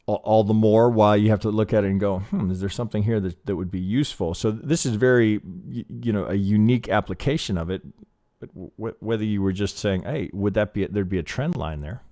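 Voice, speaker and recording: A man's voice: fairly low pitch, fairly quick, mellow, no echo, studio quality. Rambling, profane man teaching chart trading. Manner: rambling, profane, thinking aloud with many restarts. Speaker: trading educator. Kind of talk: live chart analysis lesson.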